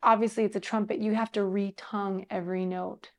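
Speaking briskly at medium pitch, a female musician tells lively stories in a casual interview. She laughs a lot and fills her speech with plenty of fillers.

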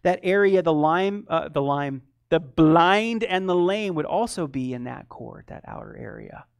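Animated male preacher, dry close sound. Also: a little high, unhurried, vocal fry, clean tone, no echo. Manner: animated storytelling, swings from loud to quiet. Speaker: pastor. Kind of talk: sermon.

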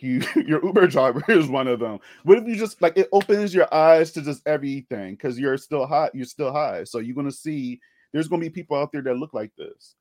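A man's voice: mid-range voice, a little mellow, dry recording, clean studio sound. A young man co-hosting a podcast, casually retelling a film with lots of laughter and rambling asides. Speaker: podcast co-host.

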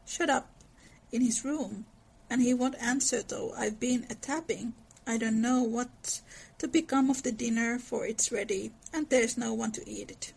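A woman's voice: fairly high pitch, normal speed, vocal fry, a little mellow, breathy edge, rough recording. A woman reading aloud as a chatty, old-fashioned housemaid. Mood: gossipy.

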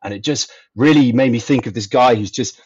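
A man talking through a film in a thoughtful, measured way during a casual discussion. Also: medium pitch, a little mellow, slightly rough, dry recording, muffled recording. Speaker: podcast panelist.

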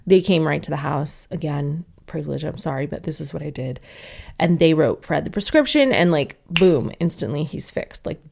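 Gravelly low-voiced woman telling a story. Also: darkish tone. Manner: candid and swearing, acting out quoted voices. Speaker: mother telling a personal story. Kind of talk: casual storytelling monologue.

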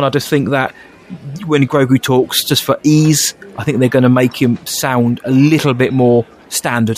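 A man co-hosting a podcast, rambling and self-mocking in casual chat, laughing often. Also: mid-range voice. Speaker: podcast co-host.

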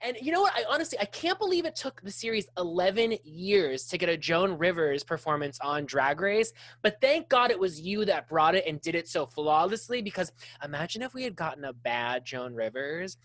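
A woman hosts an interview with gushing enthusiasm, her pitch leaping around as she talks. The sound is dry and close to the mic. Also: animated, moderate pace, few pauses, dry recording. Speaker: podcast host. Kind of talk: conversational interview.

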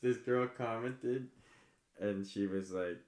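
Low-pitched guy, meandering anecdote teller, echoey recording. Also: slow, a little mellow. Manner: rambling anecdote, many fillers. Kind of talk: casual podcast chat.

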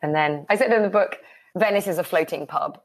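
Frank, expressive woman in her forties. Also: on the low side, fairly quick. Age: 40s. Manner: frank, expressive, swears, acts out quoted dialogue. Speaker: guest. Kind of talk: candid interview.

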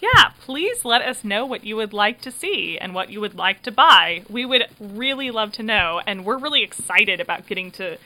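A woman's voice: mid-range voice, very animated, normal speed, hardly any pauses, pushed and bright. A woman hosting a podcast wrap-up in casual chat, laughing often and filling gaps with um and uh. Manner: chatty, laughs often, frequent fillers. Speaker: podcast host and creator.

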